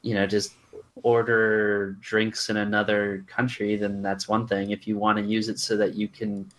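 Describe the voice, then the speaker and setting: A man with a Californian accent, a podcast guest who explains his points at length in a measured, casual way. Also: lowish voice, flat delivery, fairly bright tone. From Arizona and California, USA.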